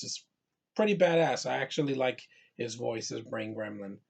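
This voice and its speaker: A man's voice: medium pitch, animated, moderate pace, gravelly, husky. Man, from New York, casual movie review, rambling, full of fillers. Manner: rambling, with lots of fillers and restarts.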